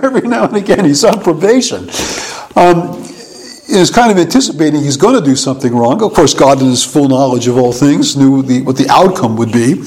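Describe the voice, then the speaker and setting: A middle-aged man teaching in a conversational sermon, musing and halting with small chuckles. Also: sits high, a little mellow, rough recording. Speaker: preacher.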